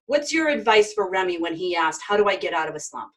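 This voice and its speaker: A woman's voice: on the low side, sing-song, fast, a bit bright, rough recording. A woman from Maine hosting a live virtual sales event over a video call, introducing guests with enthusiasm. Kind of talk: upbeat live webinar hosting.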